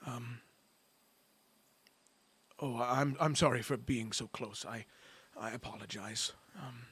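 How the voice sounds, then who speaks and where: A man voicing a gentle, sorrowful older gardener who talks in halting apologies during a tabletop game. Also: medium pitch, fairly even intonation, breathy edge, heavily acted. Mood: flustered tearful. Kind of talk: tabletop role-play.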